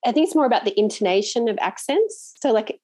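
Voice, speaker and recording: An Australian woman hosting a podcast interview, chatting in an animated, laughing storytelling way. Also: a little high, fast, dry recording. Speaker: podcast host. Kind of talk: casual conversational interview.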